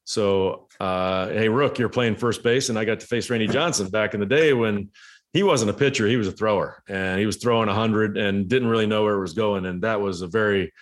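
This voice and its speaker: A middle-aged former baseball player telling relaxed anecdotes in casual conversation. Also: male voice, lowish voice, brisk. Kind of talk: casual storytelling.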